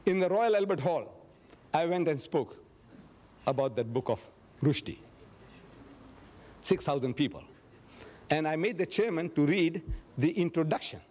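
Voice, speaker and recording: A man gives a public lecture and takes questions from the audience. His voice sits a little high for a man. He tells stories with emphasis and acts out the quoted dialogue. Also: darkish tone.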